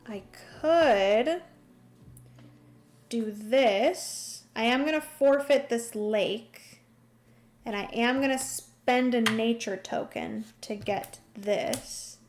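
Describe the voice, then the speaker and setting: While livestreaming a solo board game, a young woman reasons aloud about each move and chats with her audience, welcoming the chat warmly. Her voice is a little high, and she draws out her words.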